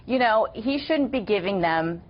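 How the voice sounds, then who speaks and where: A woman commenting on a TV panel, arguing her points quickly and emphatically. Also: mid-range voice, lively intonation, muffled recording. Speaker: political commentator. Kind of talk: TV panel discussion.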